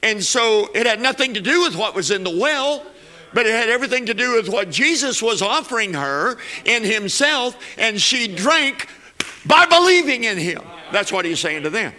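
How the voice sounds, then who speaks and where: A man's voice: high-pitched, animated, normal speed, sharp tone. A man preaching a sermon, building to emphatic peaks and repeating phrases as he goes.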